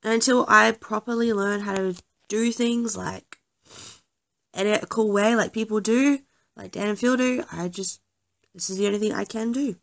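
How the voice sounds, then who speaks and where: A woman's voice: mid-range voice, fairly even intonation, normal speed, creaky. A young woman chatting casually over gameplay, often apologizing and joking about herself. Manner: self-deprecating, apologetic, chatty. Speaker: gaming YouTuber.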